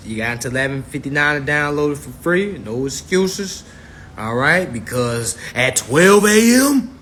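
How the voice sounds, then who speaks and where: A man's voice: mid-range voice, fairly bright tone, slight background noise. A man hosting a casual livestream, talking straight to his viewers in a loose, swearing manner, recorded on a phone. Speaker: livestream host.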